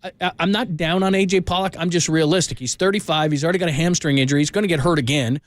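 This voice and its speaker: Insistent sports radio host, higher voice. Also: male voice, rapid-fire. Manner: insistent, argumentative, repeats himself. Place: radio studio.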